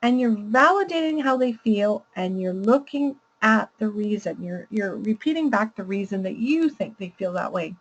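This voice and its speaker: A woman's voice: medium pitch, expressive, moderate pace, few pauses, slightly rough, dull audio. A woman presenting a parenting lesson, explaining patiently and laughing easily. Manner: warm, explanatory, laughs readily. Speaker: parenting educator. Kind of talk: teaching presentation.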